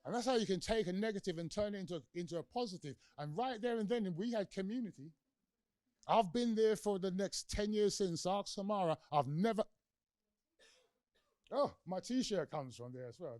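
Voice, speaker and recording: A middle-aged guest lecturer with a London accent tells stories energetically during a public lecture, acting out quoted voices and asking the audience questions. His voice is a little high, recorded at studio quality with no room sound.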